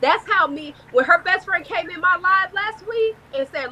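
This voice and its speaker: Profane, animated woman telling a story. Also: very high voice, moderate pace, rough recording. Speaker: guest. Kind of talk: casual live-stream interview.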